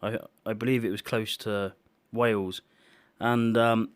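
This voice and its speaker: Recounting a dream as testimony for his channel of visions, this man speaks in a smooth, lowish voice with fairly even intonation. His delivery is solemn and emotional yet halting, full of fillers and fresh starts.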